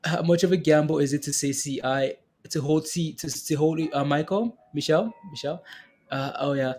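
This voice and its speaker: A man's voice: on the high side, moderate pace, a little mellow. A man hosting a casual trading livestream, rambling with many fillers as he reads out viewer questions. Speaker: stock and crypto livestream host.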